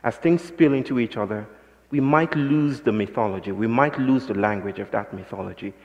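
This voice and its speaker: In a reverberant lecture hall, a guest speaker addresses an audience in a mid-range voice at a fairly quick pace, though the recording is muffled. His talk is poetic and musing, rising to passionate emphasis as he drives home his points.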